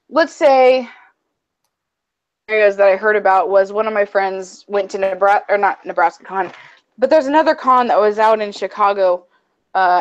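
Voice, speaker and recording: A woman co-hosting a casual chat show, excitable and rambling, gushing like a fangirl. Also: medium pitch, dull audio. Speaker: podcast co-host.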